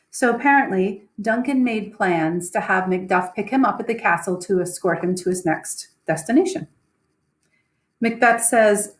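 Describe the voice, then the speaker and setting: Brief: woman teacher, mid pitch, chatty explanation, reverberant room. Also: expressive, normal speed, recorded from a distance. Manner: casual, with fillers and restarts. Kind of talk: explaining a play.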